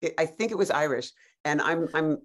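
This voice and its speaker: A woman actor as a podcast guest, telling lively stories in a casual, animated way with frequent restarts. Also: low-pitched, brisk. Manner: animated storyteller, many restarts and laughs.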